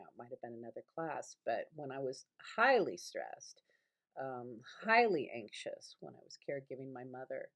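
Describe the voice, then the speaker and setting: A middle-aged woman teaching a recorded online lecture from her home, rambling and conversational with many fillers and restarts. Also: extremely low pitch. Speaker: college instructor.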